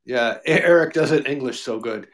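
A man's voice: mid-range voice, normal speed, a bit bright. Guy, podcast co-host, jokey and rambling. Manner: joking, rambling, mock radio-DJ bits. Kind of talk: casual chat.

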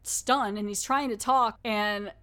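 A woman's voice: mid-range voice, steady tone, takes it slowly, fairly bright tone. Chatty woman podcast host recapping. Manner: rambling, chatty, laughs often. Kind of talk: casual episode recap.

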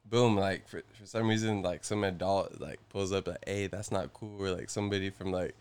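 A man's voice: low-pitched, moderate pace, clean tone. Young man telling a rowdy story. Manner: animated, acts out quotes with loud bursts, swears freely. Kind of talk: casual storytelling chat.

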